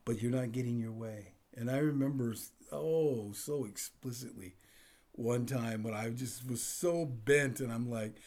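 A man's voice: medium pitch, measured pace, a little mellow. A man preaching a conversational sermon, telling stories with acted-out dialogue and laughing along the way. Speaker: pastor.

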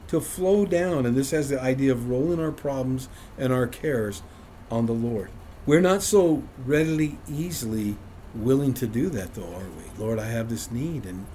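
A man's voice: fairly high pitch, mellow, slight background noise. A man leading an informal Bible study for a small group, conversational and self-deprecating, often chuckling.

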